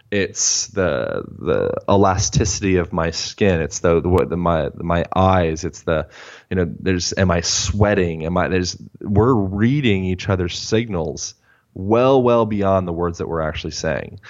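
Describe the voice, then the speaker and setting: A man with a very low voice talks as a guest expert. He rambles and restarts his sentences as he works through his ideas. The recording sounds dull and lo-fi. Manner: rambling, thinking aloud with many restarts. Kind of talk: casual interview chat.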